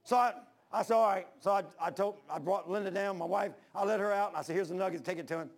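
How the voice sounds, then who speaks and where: Older preacher, storytelling sermon, raised voice with lots of fry, plays every character in his anecdotes. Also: high voice, quick pace. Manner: animated, acts out the voices in his stories.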